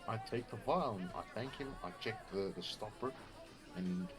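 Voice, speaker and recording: A man's voice: on the low side, normal speed, over music. A man playing a tabletop game, describing his actions matter-of-factly. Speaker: player.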